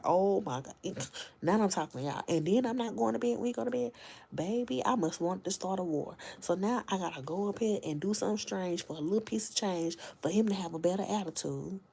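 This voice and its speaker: A woman's voice: medium pitch, brisk, vocal fry, mellow, a little hiss or hum. A woman hosting a casual late-night livestream from home, talking to her viewers in a chatty, slangy way and often dropping to a whisper. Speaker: livestream host and reader. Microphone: phone livestream.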